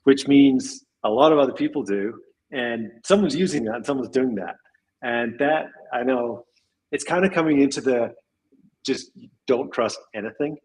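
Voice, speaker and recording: A husky-voiced man of middle pitch talking as a podcast guest. He muses thoughtfully, trails off mid-thought, and chuckles now and then. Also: normal speed, a little mellow, poor audio. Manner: reflective, trails off, chuckles while speaking. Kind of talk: casual chat.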